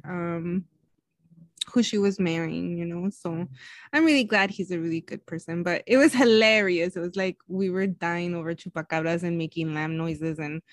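A woman's voice: fairly low pitch, no room sound, clean studio sound. A woman co-hosting a podcast, telling a story in a chatty, casual way and laughing often. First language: Spanish. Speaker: podcast co-host. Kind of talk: casual chat.

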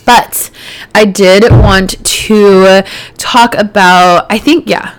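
A woman in her early twenties hosting her own podcast, chatting casually with lots of fillers and getting animated as she retells drama. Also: mid-range voice, extremely slow, slight background noise. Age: early 20s. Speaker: podcast host. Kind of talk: casual solo podcast chat.

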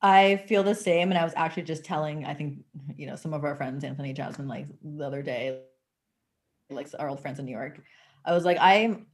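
A woman's voice: low voice, fairly quick. A woman speaking frankly and with animation in a casual conversation, using "like" a lot. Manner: animated, frank, heavy use of "like".

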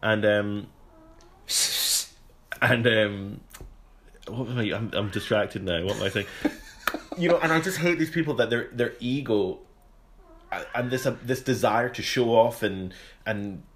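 A man's voice: lowish voice, a little slow, long pauses, slight background noise. A Scottish man co-hosting a podcast, telling stories in a chatty, rambling way and laughing often. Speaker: podcast co-host. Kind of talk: casual chat, storytelling.

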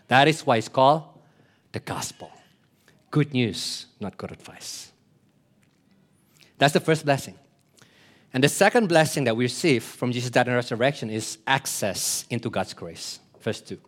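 A man's voice: fairly high pitch, a bit bright. Earnest man preaching a sermon. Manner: earnest, explains with repeated phrases and questions to the congregation; plays short voices in his illustrations.

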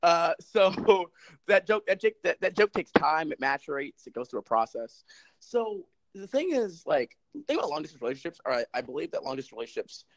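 Twenties male podcast co-host, rapid animated delivery, casual and rambling. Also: on the high side. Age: 20s. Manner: rambling, lots of "like", jokey, laughs often.

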